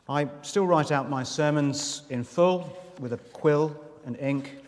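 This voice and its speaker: A man's voice: mid-range voice, animated, normal speed, hardly any pauses. A man preaching as a visiting minister, chatty and self-deprecating, with asides to the congregation. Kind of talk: sermon. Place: church in London. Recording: reverberant church hall.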